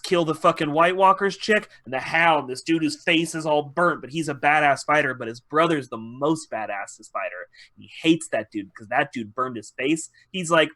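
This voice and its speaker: A man with a sharp-toned, highish voice hosts a podcast, casually retelling a TV episode in a rambling, profane way and acting out the characters' lines.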